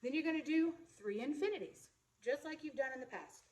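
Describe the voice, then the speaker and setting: A woman's voice: high voice, lively intonation, brisk, far from the mic. A woman teaching color guard flag choreography, counting beats aloud and checking in with "okay?" and "right?" as she demonstrates. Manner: demonstrating moves while talking. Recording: echoey space, voice from off-mic.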